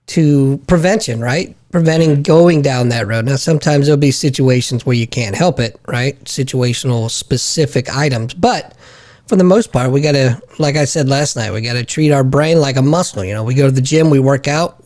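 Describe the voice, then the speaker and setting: A man's voice: mid-range voice, darkish tone. Upbeat joking man on a video call. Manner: joking, upbeat, explains with analogies. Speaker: co-host. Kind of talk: casual chat.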